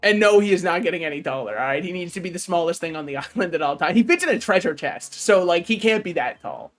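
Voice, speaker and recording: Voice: medium pitch, animated, fast talker, soft background music. A streamer giving casual gaming commentary, joking, swearing freely and talking back to chat and the game's characters. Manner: talks to chat and game characters.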